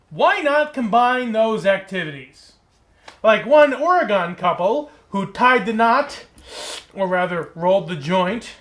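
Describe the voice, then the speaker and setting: A man's voice: high voice, a bit bright. A man hosting a late-night comedy show, delivering a monologue of sardonic, self-mocking punchlines. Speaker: talk show host. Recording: echoey room with band music.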